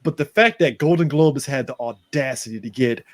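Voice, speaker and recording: A man's voice: medium pitch, brisk. A man co-hosting a movie podcast, talking casually and riffing with profanity and laughs. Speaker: podcast co-host. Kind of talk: casual movie review chat.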